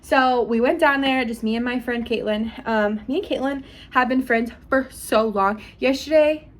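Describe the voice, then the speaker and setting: A woman's voice: on the high side, normal speed. A young woman vlogging at home, gushing and chatty as she tells a story to camera.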